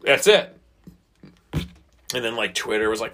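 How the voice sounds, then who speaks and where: A man's voice: mid-range voice, lively intonation, normal speed, long pauses, sharp tone. A man co-hosting a casual podcast chat, loose and profane, arguing his point with a laugh. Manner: loose, profane, argumentative banter. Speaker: podcast co-host.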